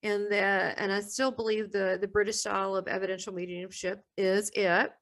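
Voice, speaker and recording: A woman's voice: mid-range voice, little pitch movement, normal speed, fairly bright tone. Middle-aged woman telling her story candidly. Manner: rambling, restarts often, laughs between thoughts. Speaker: interview guest.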